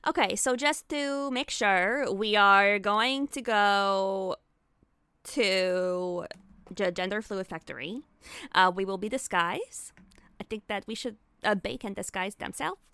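A woman's voice: mid-range voice, slow pace, pushed and bright, clear, resonant tone, no room sound. A woman playing a tabletop role-playing game, cheerfully laying out the group's plan. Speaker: player.

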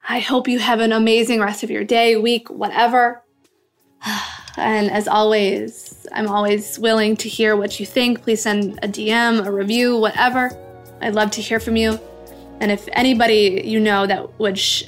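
A woman in her twenties hosting a solo podcast, speaking gently and affirmingly to her listeners and swearing casually now and then. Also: on the high side, little pitch movement, measured pace, soft background music. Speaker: podcast host. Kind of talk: heartfelt solo podcast monologue.

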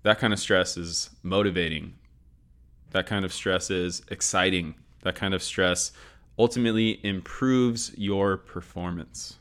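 A man's voice: low-pitched, fairly even intonation, unhurried, a bit bright. A man hosting a sport and performance psychology session, upbeat and repeating his key points. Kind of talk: scripted educational talk.

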